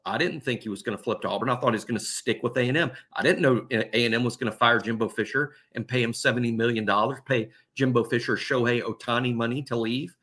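A man talks recruiting on a sports podcast in a bright, forward voice at an ordinary pitch. He rambles and restarts his sentences as he works through a concession. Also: fast, few pauses. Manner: rambling, self-correcting concession. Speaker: podcast co-host. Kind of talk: casual sports talk.

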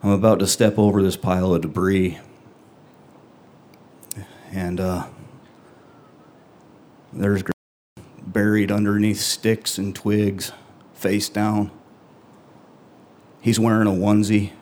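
Middle-aged man, live storyteller, very low voice, level and even, earnest, halting phrasing. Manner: earnest, halting delivery with long pauses. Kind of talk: live first-person storytelling.

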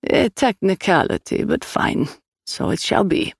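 Sly male villain trader, read by a woman: purring, slow, mocking, gravelly edge. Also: mid-range voice, sing-song, dry recording, studio quality, voice pushed up, heavily acted.

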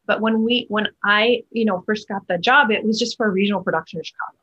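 A woman with a husky, breathy voice talks in a loose, chatty way and keeps restarting her sentences. She speaks as a guest in a casual interview. The sound is muffled and lo-fi. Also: mid-range voice, fast, fairly bright tone. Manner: chatty, many fillers and restarts. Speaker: Broadway actor, guest.

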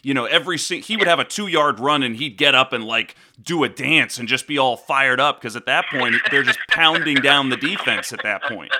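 A man hosting a casual sports discussion, excitable and swearing, steering the conversation between guests. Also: medium pitch, normal speed, hardly any pauses. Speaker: podcast host.

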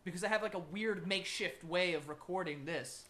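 A young man co-hosting a podcast from a makeshift home studio, joking loudly and crudely in casual banter. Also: high voice, brisk. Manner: loud, joking, crude, animated. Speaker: podcast co-host.

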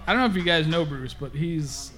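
A man co-hosting a podcast in casual, excitable chat, laughing often. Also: fairly high pitch, brisk. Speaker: podcast co-host.

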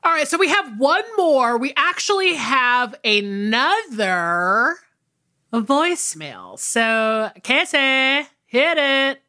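A woman co-hosting a casual comedy podcast, speaking slowly with a fairly high, bright voice. Her pitch rises and falls a lot as she teases dryly. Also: very animated. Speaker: podcast co-host.

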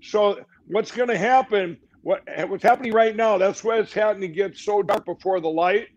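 A man's voice: high-pitched, normal speed. A middle-aged man speaking as a guest on a talk show, rambling and emphatic, with frequent restarts. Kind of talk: fast rambling interview talk. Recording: dull lo-fi audio.

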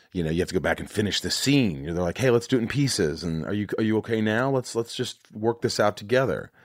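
Low-pitched and recorded dry with no room sound, this podcast host speaks into a studio mic in casual conversation. His delivery is earnest and profane, full of false starts.

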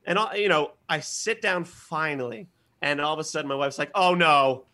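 A man with a high voice tells comic stories as a guest. He is animated and swears freely. His tone is bright and sharp. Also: a little fast. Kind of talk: comedic storytelling.

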